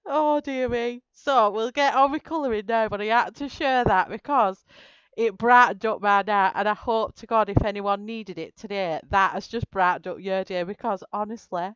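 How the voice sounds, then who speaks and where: Woman streamer, casual chat, slow and giggly, clear smooth voice, a bit dull lo-fi sound. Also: mid-range voice, a bit bright, dry recording. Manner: giggly storytelling, laughing through her words. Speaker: live-stream colouring host.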